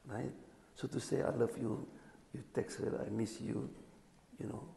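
Gravelly-voiced imam preaching in an echoey hall. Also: male voice, medium pitch, measured pace. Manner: animated, acts out dialogue, checks in with audience. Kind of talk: sermon. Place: community hall or mosque.

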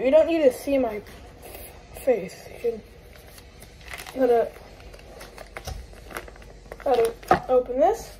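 A woman's voice: on the high side, background noise. A woman with the hiccups giving a rambling, chatty cooking tutorial in a home kitchen. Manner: rambling, chatty, self-correcting. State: has the hiccups. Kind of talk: casual cooking tutorial chat.

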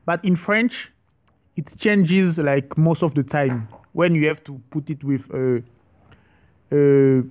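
A man giving an online French lesson, speaking slowly and repeating each word, with some hesitant restarts. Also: on the high side, dull audio. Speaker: French teacher.

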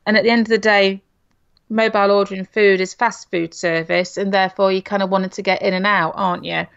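A woman's voice: medium pitch, flat delivery, fairly quick, vocal fry, clean tone. A middle-aged woman from Nottingham with an English accent, co-hosting a podcast in casual, chatty talk. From England. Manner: chatty, uses "you know" and tag questions. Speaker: podcast co-host. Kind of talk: casual chat. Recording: dull lo-fi sound.

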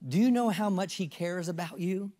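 A man's voice: high voice, normal speed, dark tone, long reverb tail. A pastor in his fifties preaching a sermon, earnest and repeating phrases for emphasis.

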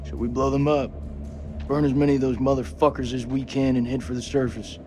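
An actor playing a blunt, profane military squad leader in a horror game. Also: male voice, mid-range voice, level tone, fairly quick, over music, close to an everyday voice. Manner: gruff, profane and commanding. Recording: game dialogue over loud score.

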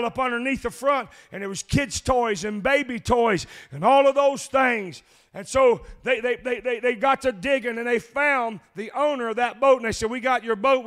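A man with a very high-pitched voice preaches a sermon, telling a long story before breaking into a shouted, rhythmic chant that puts "uh" before each phrase.

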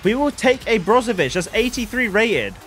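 A young man streams his video game in an animated, fairly high voice, his pitch leaping around as he talks. He swings from shouted excitement to low mutters, with faint music under him. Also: normal speed. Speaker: gaming streamer.

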